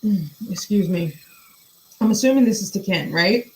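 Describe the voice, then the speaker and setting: A woman's voice: medium pitch, animated, moderate pace, a little mellow, rough recording. A woman hosting a podcast from a room at her home computer, reading emails aloud and commenting on them in a blunt, profane, casual way.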